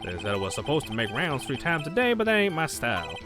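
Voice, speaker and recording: A man doing a swaggering cowboy cop, fake Texas drawl, folksy slang, lively swoops in pitch, game music behind. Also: quick pace.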